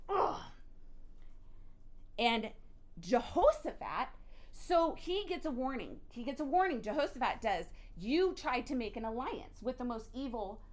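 A woman teaching a Bible study in a chatty, animated way, reading scripture and adding her own asides. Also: on the high side.

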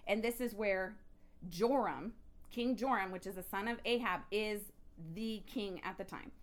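A woman teaching a Bible study in a chatty, animated way, reading scripture and adding her own asides. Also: mid-range voice, unhurried.

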